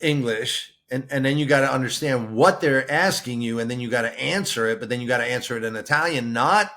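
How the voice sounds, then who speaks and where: A man co-hosting a podcast, talking in a loose, animated way and explaining at length with many restarts. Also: medium pitch, a little fast. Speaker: podcast co-host. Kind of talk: casual chat.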